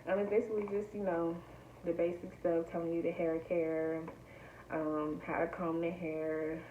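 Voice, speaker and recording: Young woman vlogger, lower voice, bubbly and chatty, muffled home audio with faint hiss. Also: normal speed. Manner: excitable, chatty, talks straight to viewers. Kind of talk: casual unboxing chat to camera.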